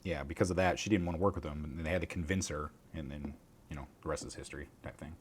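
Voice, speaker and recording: A man's voice: rumbling low, fairly even intonation, quick pace, slight background noise. A man chatting casually with viewers on a livestream, rambling, swearing and muttering asides. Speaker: streamer.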